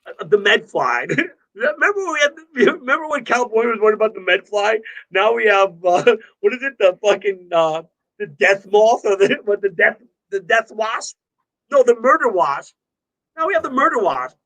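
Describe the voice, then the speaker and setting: A man's voice: high voice, big pitch swings, moderate pace, fairly bright tone, rough recording. Rambling, profane man on a video call. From New York. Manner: rambling, profane, laughs often. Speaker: guest musician. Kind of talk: casual livestream chat.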